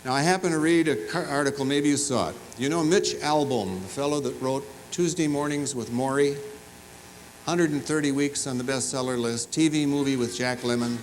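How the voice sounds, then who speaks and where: The commencement speaker, a man with a mid-range voice talking at normal speed, addresses graduates in a large university fieldhouse. He tells humorous stories with animation, teasing listeners and making asides to them, but the recording is low quality.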